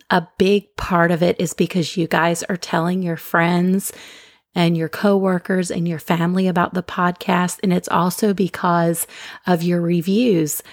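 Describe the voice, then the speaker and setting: Calm, low-voiced woman podcast host. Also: dry recording, studio quality. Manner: calm, gentle, unhurried. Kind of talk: casual chat to listeners. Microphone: podcast microphone.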